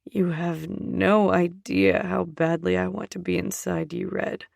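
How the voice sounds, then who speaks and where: A woman reading the lines of a commanding, seductive male lover in a low, murmured, half-whispered voice. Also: little pitch movement, a little slow, gravelly, darkish tone, no room sound, studio quality, full character voice.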